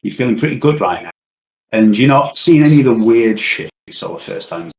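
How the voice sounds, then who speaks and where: A man's voice: medium pitch, expressive, brisk, poor audio. A man narrating as game master in a casual, joking way, on his own mic in an online session. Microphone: own computer mic.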